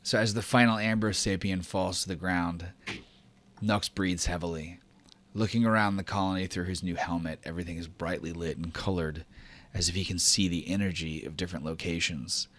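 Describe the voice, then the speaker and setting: A man narrating a tabletop game as game master in a measured, descriptive way. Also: low voice, fairly even intonation, fairly bright tone.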